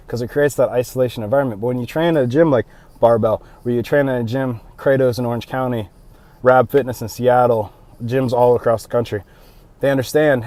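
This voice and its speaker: A man's voice: mid-range voice, fairly even intonation, a little fast, a little mellow, dry recording. A young man talking casually and rambling a bit, out of breath, recorded on a handheld phone while doing cardio outdoors. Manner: loose, rambling, with fillers and self-mocking asides. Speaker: powerlifting vlogger. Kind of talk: casual vlog monologue. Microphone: phone held in hand.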